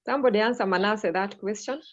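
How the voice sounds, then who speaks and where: A woman's voice: medium pitch, fast talker. Woman teacher on a muffled video call. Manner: prompting students, repeating answers. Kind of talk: online English lesson.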